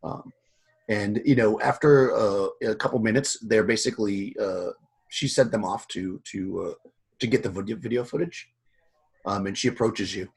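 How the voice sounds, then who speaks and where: Gravelly low-voiced man game master. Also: normal speed. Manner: relaxed, rambling with fillers. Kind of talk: narrating a tabletop game.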